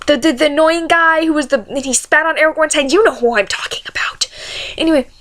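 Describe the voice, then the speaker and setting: Rambling woman on a fan rant. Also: sits high. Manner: rambling, excitable, self-interrupting. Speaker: vlogger. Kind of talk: casual fan rant to camera.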